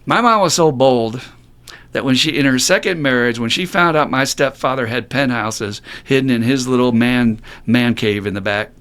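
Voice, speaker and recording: A middle-aged man of middle pitch talks on a recovery podcast in a blunt, profane, animated way. He tells his stories with feeling and slips into higher, mocking voices when he quotes people. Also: moderate pace, clear, resonant tone. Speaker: podcast co-host. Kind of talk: casual podcast talk.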